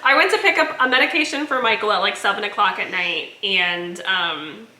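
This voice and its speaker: A woman's voice: medium pitch, a little fast, roomy sound, rough recording. A woman co-hosting a podcast, telling stories animatedly with an American accent. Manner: animated storytelling with laughing and quoted voices. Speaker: podcast co-host. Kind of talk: casual chat.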